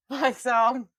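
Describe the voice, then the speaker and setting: A woman in her twenties co-hosting a podcast, telling stories in a loud, boisterous way with lots of swearing and laughter. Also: on the high side, no echo. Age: 20s. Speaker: podcast co-host. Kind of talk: casual chat.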